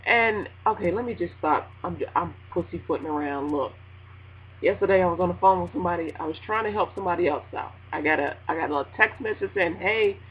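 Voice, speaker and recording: A woman radio host ranting casually to her listeners, animated and laughing, acting out a phone call in a high voice. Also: fast, slight background noise. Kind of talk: casual spoken rant.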